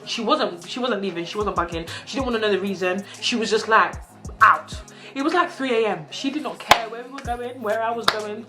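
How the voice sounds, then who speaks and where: A young woman, telling a dramatic storytime in an animated, laughing way. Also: on the high side. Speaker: vlogger. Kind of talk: storytime vlog. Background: background music.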